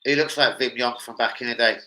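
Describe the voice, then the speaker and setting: A man hosts a casual football live stream. His voice is bright and forceful, and he swears constantly. He jumps from easy chat into sudden loud, excited outbursts. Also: mid-range voice, brisk, rough recording. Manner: excitable, swears a lot, shouts bursts of football reactions.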